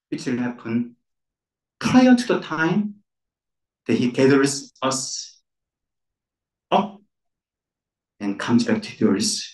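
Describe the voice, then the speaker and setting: Emphatic preacher in an echoey church. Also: male voice, a little high, a little mellow. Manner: emphatic, repeats key words with rising stress. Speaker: pastor. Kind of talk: sermon. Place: church centre. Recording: echoey room, voice from far off.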